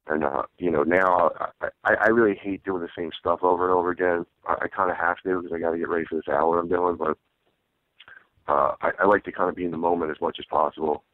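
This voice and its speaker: A man, a stand-up comedian, talking casually in an interview, halting and restarting often. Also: sits low, fairly even intonation, no room sound. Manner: halting, with many restarts and fillers. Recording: dry, tinny phone-like sound.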